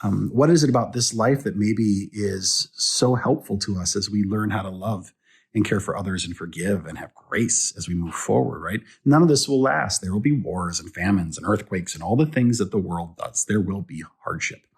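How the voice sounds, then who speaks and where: A man's voice: lowish voice, normal speed, breathy edge. A male pastor giving a casual devotional talk from home, speaking conversationally and putting questions to the viewer. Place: at home indoors.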